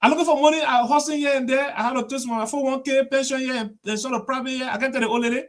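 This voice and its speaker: A man putting on the voice of an excitable middle-aged party chairman, loud, high and pleading. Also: rapid-fire. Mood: exasperated.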